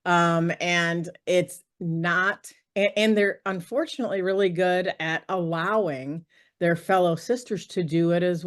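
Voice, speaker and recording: Low-voiced middle-aged woman telling stories. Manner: lively, laughs often, acts out quoted dialogue. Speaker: podcast guest. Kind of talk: animated storytelling in conversation. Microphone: video call.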